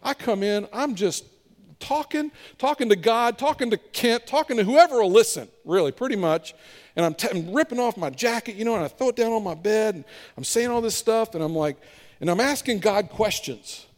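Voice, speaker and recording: Animated high-voiced male pastor. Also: normal speed, in a large hall. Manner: animated storytelling, acting out voices of biblical figures. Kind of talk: sermon.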